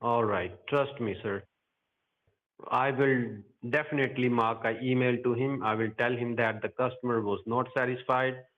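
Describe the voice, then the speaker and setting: A man's voice: mid-range voice, steady tone, moderate pace. Reassuring phone agent, man, mid voice, heard over a dull line. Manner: soothing, reassuring, repeats "sir". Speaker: phone scammer. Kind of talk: phone call.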